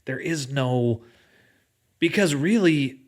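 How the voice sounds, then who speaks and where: Speaking slowly in a mid-range voice that stays animated, a man chats casually as a podcast guest. He's reflective, full of fillers and restarts, loops back on his thoughts, and laughs lightly now and then.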